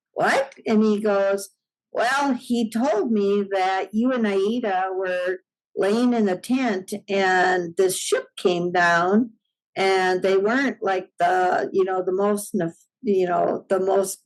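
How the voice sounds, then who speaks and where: A woman's voice: mid-range voice, a little mellow, poor audio. A middle-aged woman in a podcast interview, telling a story in a casual way and acting out the dialogue with frequent laughter. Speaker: podcast guest.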